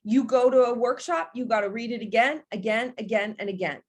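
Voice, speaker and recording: A woman giving a casual motivational talk to her direct sales team, chatty and animated, laughing often and talking straight to her listeners. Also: a little high, brisk. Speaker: direct sales business coach.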